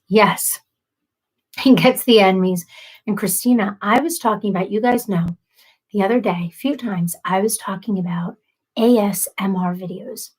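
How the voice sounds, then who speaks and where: A woman's voice: medium pitch, breathy edge, rough recording. A woman in her thirties chatting casually with viewers on a livestream, apologetic and self-deprecating. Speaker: livestream host.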